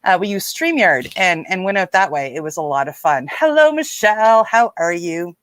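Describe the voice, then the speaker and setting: A woman's voice: on the low side, sing-song, moderate pace, no echo. A woman from Nova Scotia, hosting a casual live stream, chatty and rambling as she greets viewers by name. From Nova Scotia, Canada. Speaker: livestream host.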